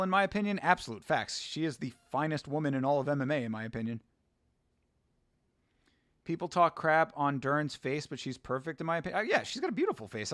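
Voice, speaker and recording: On his fight watch-along stream, this young man from the U.S. swears offhandedly and responds loosely to chat. The recording is close, dry and free of echo, and his somewhat high voice has a slightly bright edge.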